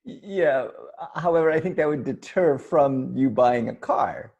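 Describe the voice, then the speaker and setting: A man co-hosting a casual podcast chat over a video call, animated and laughing often, with frequent restarts. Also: medium pitch, a little slow, vocal fry, husky, muffled recording. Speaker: podcast co-host. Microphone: video call mic.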